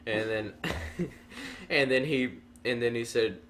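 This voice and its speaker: A man's voice: mid-range voice, slow, fairly bright tone, a little hiss or hum. Giggly rambling young man. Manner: rambling, giggling through absurd tales. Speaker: co-host. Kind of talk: improvised comedic storytelling.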